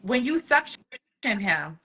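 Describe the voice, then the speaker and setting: Bright-voiced woman telling a painful story. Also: on the high side, takes it slowly. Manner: animated, acts out quoted voices. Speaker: guest. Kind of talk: emotional personal storytelling.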